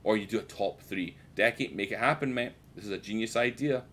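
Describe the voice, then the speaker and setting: Low-voiced British man streaming a game. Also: brisk, a bit bright, slight background noise. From United Kingdom. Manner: rambling, joking, swears freely, chats to viewers. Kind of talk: casual gameplay commentary.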